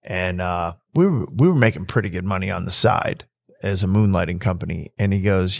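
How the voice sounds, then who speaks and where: A man chatting casually as a host, telling lively stories, acting out quotes and laughing often. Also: low-pitched, brisk, vocal fry, no room sound. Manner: animated storyteller, acts out quotes, laughs often. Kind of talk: casual storytelling chat.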